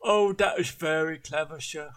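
A man's voice: fairly high pitch, moderate pace, a bit bright, lightly acted. A man voicing a timid, deferential male manservant who hesitates and keeps saying sir. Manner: meek, hesitant, says sir constantly.

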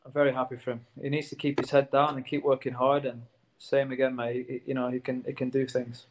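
A former footballer talking casually in an interview, earnest and warm toward the players, tacking "mate" onto his sentences. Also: mid-range voice, flat delivery, fairly quick. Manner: earnest, says "mate" a lot.

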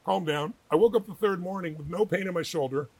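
A man being interviewed as a guest author, telling animated, emphatic stories in a quick, energetic manner. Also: high-pitched, husky, dry recording, low-quality recording.

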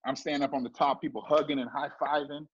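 A middle-aged man telling a story in casual chat, animated and swearing, acting out what people said in a raised voice. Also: a little high, fast talker, husky, no echo. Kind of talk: casual storytelling with acted quotes. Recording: dull lo-fi.

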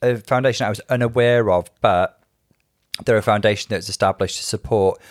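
In clean studio sound with no echo, a man with a fairly low, brisk voice co-hosts a podcast. He chats casually and tells stories, laughing often like a giggly storyteller.

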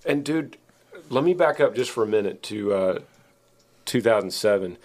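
A man's voice: on the low side, lively intonation, moderate pace, darkish tone. Man asking casual curious questions. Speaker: podcast host. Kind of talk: casual interview.

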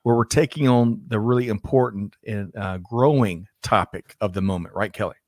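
A man's voice: lowish voice, moderate pace, dry recording, studio quality. A man co-hosting a business livestream, greeting viewers by name with upbeat, joking banter. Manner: energetic, reads out viewer names, jokey. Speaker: livestream co-host. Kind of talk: upbeat live show banter.

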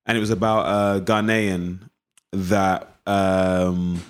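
A man's voice: deep voice, slow pace, smooth. A man from East London with a local accent, an actor telling stories in an interview and acting out old conversations. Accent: East London English. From East London, England. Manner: animated storyteller acting out past conversations. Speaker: actor guest. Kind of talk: interview storytelling.

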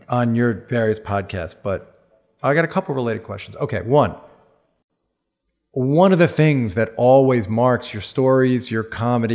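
Male podcast host asking quick questions. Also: mid-range voice, darkish tone. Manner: quick, casual interjections and questions. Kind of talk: interview questions.

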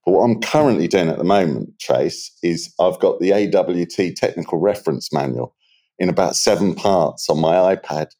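A British man chatting as a podcast guest, telling stories in a relaxed, slangy way. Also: sits low, normal speed. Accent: British English. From England. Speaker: guest, water treatment expert. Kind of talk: casual interview chat.

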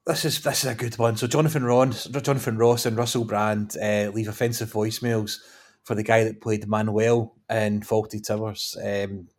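A man's voice: on the low side, little pitch movement, moderate pace. Man telling chatty stories. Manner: storytelling, laughs often, sweary banter. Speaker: podcast co-host. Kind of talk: casual chat.

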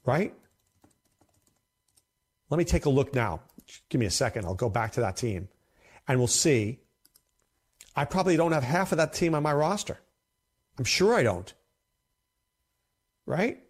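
A man talks straight to his viewers about fantasy football in a loose, conversational way. His voice sits in a middle register but swings up and down with lively emphasis, and he hammers his points home by repeating them. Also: mid-range voice, slightly rough. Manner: animated, emphatic, repeats himself. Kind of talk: casual commentary to camera.

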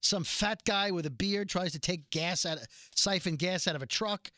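A man's voice: sits high, normal speed, dry recording, studio quality. A man co-hosting a podcast, casually recapping a TV episode, reading lines out and swearing along the way. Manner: recounts scenes, reads lines out flatly, swears. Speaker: podcast co-host.

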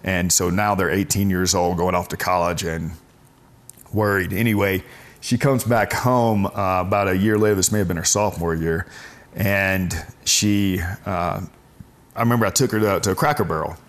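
A deep-voiced man in his forties, speaking low and steady, tells a personal story to an interviewer. He is earnest and often halts and restarts his sentences. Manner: earnest, halting, with frequent restarts. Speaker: guest telling his faith story.

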